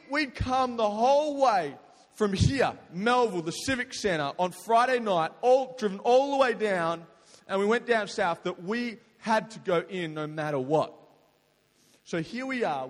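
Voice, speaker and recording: A young man casually telling a story to an audience, animated and slangy, with sudden loud outbursts. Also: high-pitched. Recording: long hall reverb.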